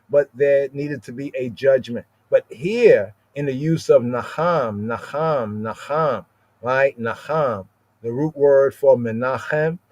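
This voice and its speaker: A man leads a scripture study on a podcast livestream at a middle pitch. He keeps punctuating his points with "right?" and stretches out Hebrew words in a slow chant before explaining them. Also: a little mellow. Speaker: Rastafari podcast teacher.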